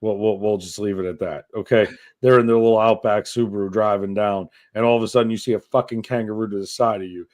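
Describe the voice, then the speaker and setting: Profane, animated low-voiced man. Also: quick pace. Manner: profane, animated, laughing at the news he reads. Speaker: podcast co-host. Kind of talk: casual chat reading news stories.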